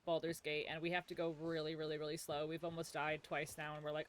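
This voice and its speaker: A woman's voice: deep voice, monotone, quick pace. A young adult woman streaming a game, chatting casually with lots of "like" and the odd swear.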